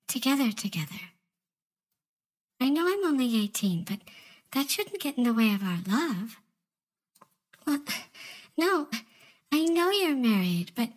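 A woman with a slightly high voice acts out an audio monologue as an obsessive, manipulative young female intern at an office, coy and sugary in tone and dropping into gentle whispered asides.

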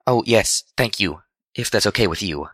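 A man voicing a timid, gentle female pegasus in a soft, raised voice. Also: expressive, normal speed, breathy edge, no room sound, studio quality. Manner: soft, raised pitch, hesitant.

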